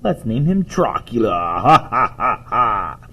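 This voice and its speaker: A man voicing a whiny, excitable young boy while reading a storybook aloud, in a husky voice. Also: slow, exaggerated voice. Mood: pleading. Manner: pleading, giggling, high-pitched.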